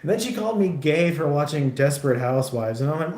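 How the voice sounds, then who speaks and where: A man's voice: fairly high pitch, animated, fast talker, hardly any pauses, darkish tone, reverberant. A man livestreaming while he builds a model kit, chatting casually in a rambling, profane way with lots of restarts.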